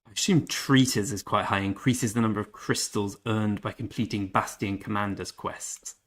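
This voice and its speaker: A chatty man hosts a gaming live stream, talking to his viewers in a relaxed, everyday way. He drifts between greeting people in chat and quietly thinking aloud. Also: on the low side, normal speed. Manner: chatty, reads chat aloud, mutters to himself. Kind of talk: casual live-stream commentary.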